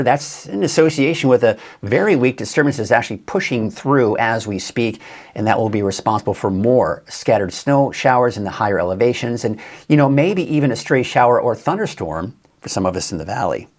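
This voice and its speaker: A man's voice: medium pitch, lively intonation, fairly quick. A man giving a casual, chatty live weather forecast as a TV meteorologist, upbeat and a bit tired, with many fillers and restarts.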